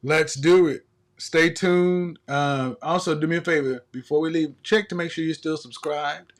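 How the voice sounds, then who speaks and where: A man's voice: a little high, fairly even intonation, moderate pace. A man hosting a live stream, ranting in a casual comedic way, profane and laughing often.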